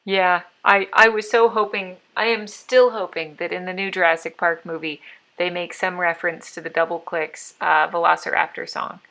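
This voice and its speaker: A woman's voice: fairly low pitch, flat delivery, normal speed, gravelly, sharp tone. A woman livestream host chatting casually to herself and her viewers while she draws. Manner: rambling, talks to herself while working. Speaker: livestream host drawing for patrons. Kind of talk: casual chat while drawing.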